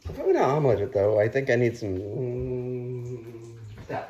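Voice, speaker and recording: Man, casual cooking vlog, profane, rambling, lively swooping pitch, sudden loud outcries. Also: normal speed, lo-fi sound. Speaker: cooking vlogger.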